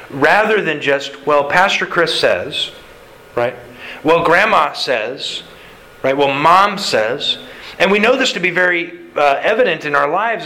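A man's voice: a little high, sharp tone, low-quality recording. A man preaching a conversational sermon, asking his listeners questions and answering them. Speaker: pastor.

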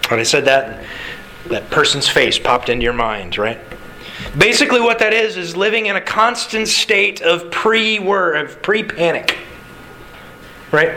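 Напористый проповедник с высоким голосом. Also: male voice, on the high side, measured pace, slight background noise, poor audio. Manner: animated, conversational, rhetorical questions. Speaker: pastor. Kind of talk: sermon.

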